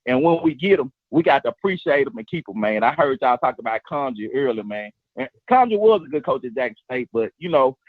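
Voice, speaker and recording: A man's voice: medium pitch, big pitch swings, brisk, hardly any pauses, no room sound. Boastful male caller on a dull line. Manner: boastful, trash-talking, drawling. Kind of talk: phone-in fan banter. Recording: dull phone-call audio.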